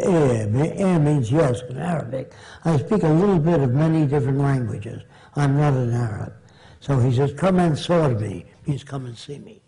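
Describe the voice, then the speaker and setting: Older guy rambling thru stories at a conference q&a, kinda mellow voice. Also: a little high, poor audio. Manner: rambling anecdotal storytelling, blunt. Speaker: lecturer answering audience questions.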